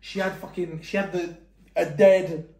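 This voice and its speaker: A man vlogging in casual chat, excitable and quick to laugh and swear. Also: sits high, roomy sound.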